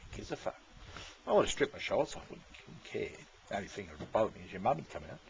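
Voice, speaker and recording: A man's voice: on the low side, sing-song, quick pace, creaky, a little hiss or hum. Rambling profane man in his sixties. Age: 60s. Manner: rambling, profane, chuckling often. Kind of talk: rambling casual chat. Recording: dull lo-fi recording.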